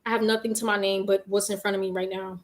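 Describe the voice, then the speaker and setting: A young woman talks fast in a medium-pitched voice with little pitch movement, chatting candidly with livestream viewers from her bedroom. She uses slang and is out of breath after making her bed. The recording carries echo and faint noise.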